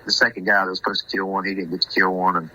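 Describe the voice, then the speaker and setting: Deep-voiced rambling storyteller. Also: male voice, flat delivery, very fast, sharp tone, husky, rough recording. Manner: rambling, repeats and restarts himself. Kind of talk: casual storytelling.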